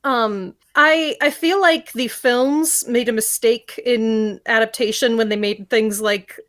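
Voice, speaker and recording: A woman's voice: on the high side, fairly even intonation, slow, a bit bright. A woman co-hosting a podcast, chatting casually, giggling often and swearing. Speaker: podcast co-host. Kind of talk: casual chat.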